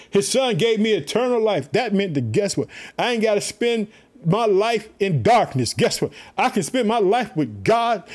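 A man's voice: high voice, a little mellow. A man preaching an informal online sermon, fervent and repetitive, calling his listeners family. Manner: fervent, repetitive calls of "guess what".

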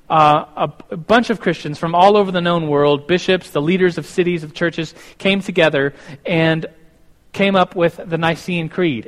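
A young man giving a casual church teaching, animated and acting out both sides of imagined conversations. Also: high-pitched, in a large hall.

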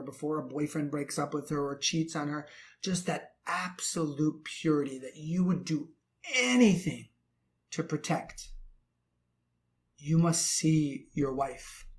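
A man with a somewhat higher-pitched voice talks to other men about relationships. He is earnest and preachy, and he stacks up repeated phrases to drive each point home. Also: darkish tone. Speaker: relationship coach. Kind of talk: advice talk to men.

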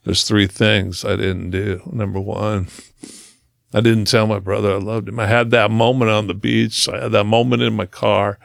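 A motivational speaker appears as a podcast guest, earnestly telling his own story in a low, gravelly voice with little pitch movement, slowing down to stress key moments. The sound is close and dry, with no room echo.

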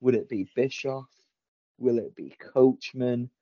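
A man telling a wrestling story in casual podcast chat, acting out the quotes with lively energy. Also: medium pitch, takes it slowly, dry recording. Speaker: podcast co-host. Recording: dull lo-fi podcast audio.

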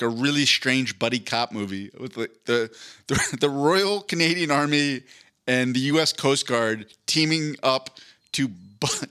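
Podcast host, male, loose rambling joker who swears freely; bright, forceful voice. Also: medium pitch. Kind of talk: casual chat.

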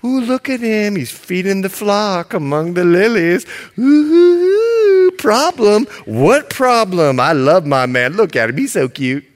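A giddy young woman swooning over her sweetheart, as a male preacher puts her on. She gushes in a high, sing-song voice that leaps all over the place. The voice is breathless with adoration. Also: big pitch swings, slow pace, few pauses, full character voice. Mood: dreamy. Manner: gushing, swooning.

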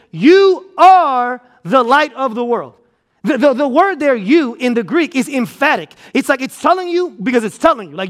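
High-voiced man preaching energetically. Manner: energetic, repetitive preaching with restarts and emphatic repeats. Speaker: pastor. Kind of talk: sermon. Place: church auditorium.

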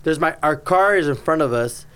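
A man's voice: fairly high pitch, normal speed, clean tone. A man co-hosting a podcast, telling a story with lots of swearing. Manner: profane storytelling, animated. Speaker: podcast co-host. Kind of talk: casual chat.

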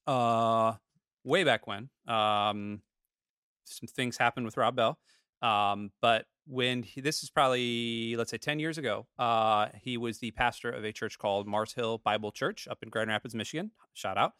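Male podcast co-host, smooth and dry, animated storyteller. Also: medium pitch, unhurried, no room sound. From Florida. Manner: animated storyteller, acts out quotes. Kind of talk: casual chat.

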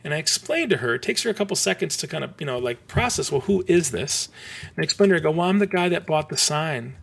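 Middle-aged guy, slightly high voice, rambling storyteller who restarts constantly and cusses casually. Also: fast, vocal fry, slightly rough. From Michigan. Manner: rambling, animated, frequent restarts and swearing. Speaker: podcast guest, graphic designer.

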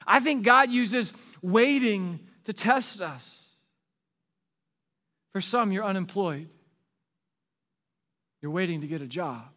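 Male pastor, sermon, earnest pleading delivery, rhetorical questions, high voice, echoing hall. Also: unhurried, pauses often, fairly bright tone.

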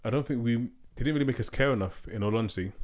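A man's voice: medium pitch, very fast, a little mellow. A man co-hosting a podcast, chatting casually and rambling with fillers and restarts. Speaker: podcast co-host. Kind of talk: casual chat.

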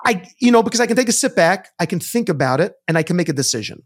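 A man co-hosting a podcast, telling a story in a casual, animated way and often repeating words. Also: high voice, fast. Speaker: podcast co-host. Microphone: studio mic.

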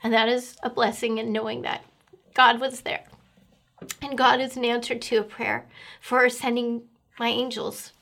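A middle-aged woman earnestly telling her personal faith story, emotional and pausing often with fillers. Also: fairly high pitch, little pitch movement, gravelly, fairly bright tone. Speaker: guest sharing testimony.

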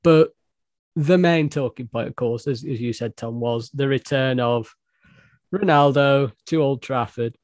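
A man's voice: medium pitch, measured pace, a little mellow, no echo. A man hosting a football podcast in a casual, joking, self-deprecating way. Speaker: podcast host and editor-in-chief.

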